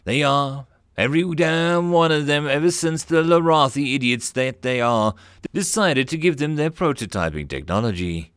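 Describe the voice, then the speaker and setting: A man's voice: on the high side, lively intonation, moderate pace, fairly bright tone, clean tone, no echo, studio quality, pitched above the performer's own voice. A man voicing a nervous, bitter male alien starship captain in an audiobook story. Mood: anxious. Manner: anxious, bitter.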